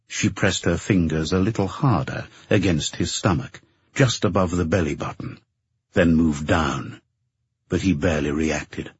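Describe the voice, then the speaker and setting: Low, husky male audiobook narrator. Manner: slow, measured. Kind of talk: scripted narration. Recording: dull lo-fi recording.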